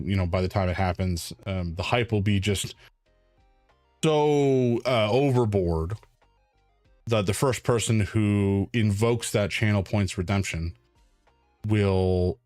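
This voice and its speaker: A man's voice: on the low side, no echo. A man streaming, chatting casually in a rambling, playful, self-deprecating way. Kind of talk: casual live-stream chat.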